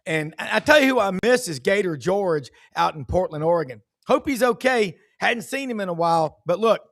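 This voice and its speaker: Man, high voice, dry close sound, folksy sports host, middle-aged. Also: expressive, dry recording. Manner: folksy, quick to agree, laughs often. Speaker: show host. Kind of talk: casual sports talk.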